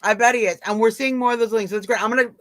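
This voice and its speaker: A woman's voice: a little high, fairly even intonation, racing, a bit bright, no room sound. A woman with a Southern twang hosting a live stream, chatting casually and answering viewers by name in an emphatic way. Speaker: livestream host.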